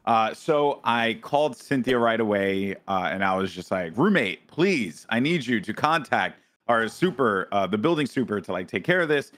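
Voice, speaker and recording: Animated man telling a story. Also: on the low side, normal speed, hardly any pauses. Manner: animated, dramatic retelling with frequent restarts and swearing. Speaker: podcast co-host. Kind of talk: casual storytelling.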